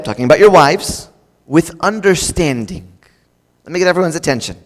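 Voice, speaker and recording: A middle-aged pastor delivers a sermon in a strikingly high voice that trails off into the long echo of a church hall. He speaks casually and with energy, raising his voice to play out arguing spouses, with lively intonation at a fairly quick pace.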